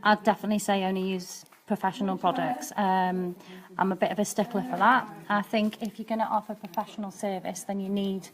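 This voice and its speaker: A woman talks viewers through a nail art demonstration on a live stream. Her manner is chatty and practical, and she fills pauses with ums as she works. Her voice sits in an ordinary middle pitch. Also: level tone. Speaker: nail technician and educator.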